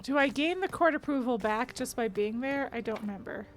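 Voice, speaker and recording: A woman's voice: a little high, animated, brisk, faint music behind. A woman streaming a video game, chatting to herself and chat as she plays and laughing often. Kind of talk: casual let's-play commentary.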